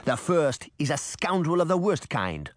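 A man's voice: on the high side, big pitch swings, normal speed, no room sound, voice pushed up. Grumbling Caribbean-accented mirror man, laid-back but dry; narrator's put-on. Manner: grumbling, easygoing.

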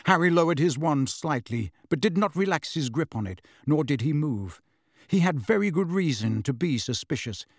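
Expressive male audiobook narrator. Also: fairly high pitch, moderate pace, no echo, clean studio sound. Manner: dramatic, expressive reading.

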